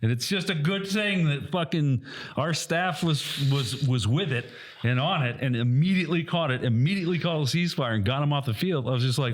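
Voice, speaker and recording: A man in his thirties, co-hosting a casual podcast, telling an animated story, swearing often and acting out quotes loudly. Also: a little high, fairly quick. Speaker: podcast co-host and airsoft field staff.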